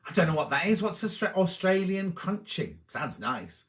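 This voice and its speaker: A man's voice: fairly high pitch, big pitch swings, brisk, fairly bright tone. A middle-aged man hosting a live stream, chatting cheerily and answering viewers' comments as he reads them out. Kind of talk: casual live chat.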